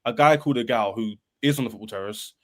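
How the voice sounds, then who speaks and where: A man, a football fan panelist, arguing in an animated, emphatic way on a podcast and repeating himself. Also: mid-range voice, fast talker. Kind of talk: heated football podcast debate.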